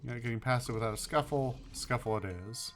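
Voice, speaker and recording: Male let's-play host, deadpan and casual, reads on-screen text aloud; average pitch. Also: fast talker, a little hiss or hum. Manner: wry, offhand, deadpan asides.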